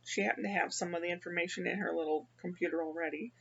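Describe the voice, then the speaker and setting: An older woman from the American Midwest, rambling through a casual personal monologue with halting restarts. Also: on the low side, fairly even intonation, vocal fry, slightly rough, lo-fi sound. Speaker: vlogger.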